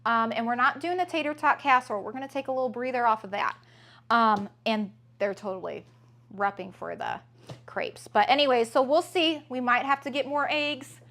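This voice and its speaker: A woman's voice: on the high side, moderate pace, fairly bright tone. A woman, a mother and family vlogger, chatting casually and upbeat through a grocery haul at home, with plenty of "um"s. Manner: chatty, upbeat, many fillers.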